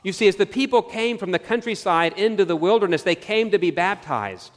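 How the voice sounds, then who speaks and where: A man preaching a sermon, earnest and searching, asking his listeners questions and slowing down on key phrases. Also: high voice, expressive, big-room sound. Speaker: pastor.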